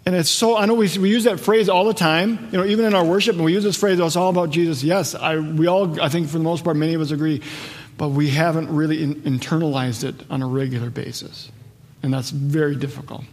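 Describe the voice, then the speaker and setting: A man's voice: on the high side, steady tone, fast, big-room sound. A man preaching a conversational, earnest sermon as a pastor, often restarting and rephrasing his thoughts.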